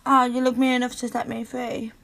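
High, bright-voiced woman in slow intimate role-play. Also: little pitch movement. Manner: soft, pleading and breathy, with frequent sighs and moans. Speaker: audio role-play performer.

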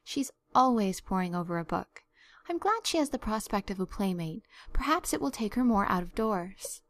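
A woman voicing a strict, composed mother who speaks in a formal, crisp, proper way. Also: medium pitch, animated, normal speed, close to an everyday voice. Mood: firm.

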